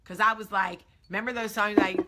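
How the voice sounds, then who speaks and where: A woman's voice: medium pitch, steady tone, fairly quick, background noise. A woman with a New York area accent, hosting a casual morning vlog and talking emphatically and earnestly straight to her viewers. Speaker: show host.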